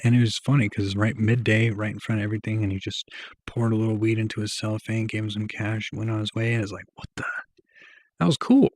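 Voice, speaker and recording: A man's voice: on the low side, little pitch movement, fast talker, darkish tone, no room sound. A young man telling a personal story to camera in a rambling, slangy way, full of fillers. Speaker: vlogger. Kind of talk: casual storytelling.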